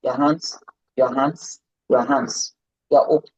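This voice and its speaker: A woman's voice: rumbling low, fairly even intonation, slow, darkish tone, breathy edge, no room sound, poor audio. Emphatic woman coaching on a video call. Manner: emphatic, repeats key words. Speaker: public speaking coach. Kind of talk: live online lesson. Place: indoors, seated.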